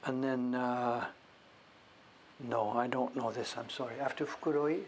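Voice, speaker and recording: A man hosting a casual show-and-tell, thinking aloud as he sounds out names, sometimes dropping to a whisper and breaking into excited praise. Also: medium pitch, unhurried, slight background noise. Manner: drops to whispers now and then. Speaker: host.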